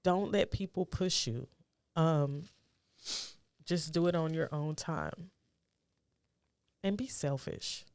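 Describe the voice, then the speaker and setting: A middle-aged woman, speaking as a guest with a low voice, tells a personal story softly, haltingly and thoughtfully. She shifts to urgency when advising, and the audio has no echo.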